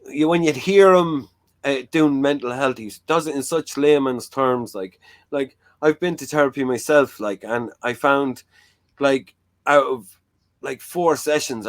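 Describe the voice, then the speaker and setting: A man's voice: medium pitch, dry recording. A man hosting a talk show, chatting frankly and rambling with lots of "like" and "you know". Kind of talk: casual chat.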